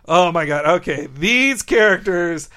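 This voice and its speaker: A man with a notably high voice chats in a relaxed podcast conversation. He talks with eager enthusiasm, dropping quick asides and chuckles. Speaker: podcast co-host. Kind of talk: casual chat.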